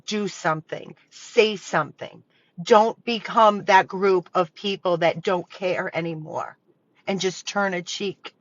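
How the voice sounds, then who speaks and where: A woman's voice: lowish voice, a little slow, highs cut off. A woman who runs a dog rescue, making an emotional, pleading appeal straight to her viewers from the rescue property. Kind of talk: impassioned direct appeal to viewers.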